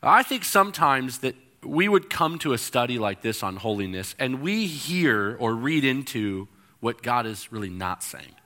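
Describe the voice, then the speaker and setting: Bright-voiced preaching man. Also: mid-range voice, measured pace. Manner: expressive preaching, acts out quoted voices. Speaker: pastor. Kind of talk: sermon.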